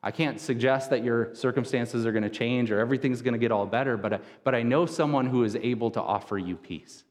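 A pastor in his thirties delivers a casual, conversational sermon, often doubling back on his words. His voice sits at an ordinary mid pitch. The sound rings with the long reverb of a church hall. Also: quick pace. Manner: conversational, casual wording, frequent word repeats. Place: church sanctuary.

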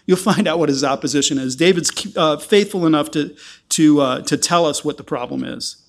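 A man's voice: a little high, moderate pace, creaky. A man preaching an earnest sermon, often repeating words as he explains scripture. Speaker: pastor.

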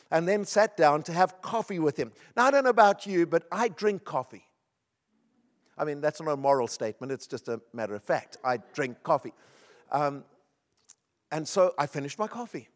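A man's voice: fairly high pitch, lively intonation, a little fast. A middle-aged man preaching a sermon, telling personal stories in an earnest, emphatic way. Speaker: pastor.

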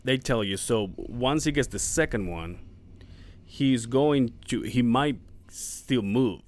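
A man co-hosting a podcast, telling a story casually in halting bursts with restarts and swearing, emotional as he talks. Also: mid-range voice, lively intonation, a little mellow. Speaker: podcast co-host.

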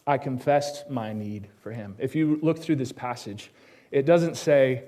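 Man preaching a personal sermon. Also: medium pitch. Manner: personal storytelling with quick asides to the congregation; drops to a hushed tone on solemn lines. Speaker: pastor.

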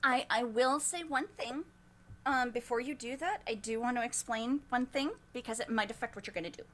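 A woman narrating as game master of a tabletop game, describing scenes in an animated storytelling way. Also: on the high side, fairly quick, slight background noise.

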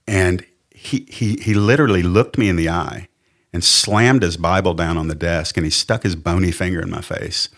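A man's voice: sits low, fairly even intonation, normal speed, fairly bright tone. A middle-aged man with a Southern American accent, a pastor telling his personal testimony in an earnest, candid, plainspoken way. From Southern United States. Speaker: pastor and podcast guest.

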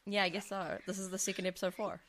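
A woman's voice: medium pitch, flat delivery, quick pace, a bit bright, a little hiss or hum. A woman co-hosting a casual podcast discussion, giving thoughtful, hedged opinions. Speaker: podcast co-host.

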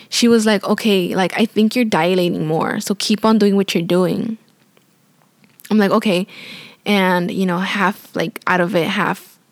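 A woman's voice: medium pitch, no room sound. A young woman tells a personal story in a loose, chatty way, leaning on "like" and "you know." Her voice sits in an ordinary middle range. The sound is dry and close, with no room around it. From Spanish-speaking family. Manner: chatty and rambling, heavy use of "like" and "you know"; apologetic and self-aware. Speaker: new mother telling her birth story. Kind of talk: casual storytelling to camera.

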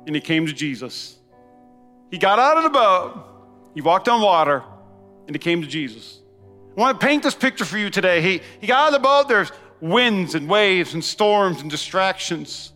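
A man preaching in a large church with a high, bright, forceful voice. He talks to the congregation with quick asides and call-and-response. His voice rings with long hall reverb over soft music. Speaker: pastor. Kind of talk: sermon.

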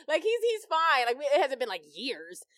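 Thirties woman, podcast co-host, swears and laughs a lot, animated pitch, dry close sound. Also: no room sound. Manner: profane, laughing storyteller. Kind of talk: casual chat.

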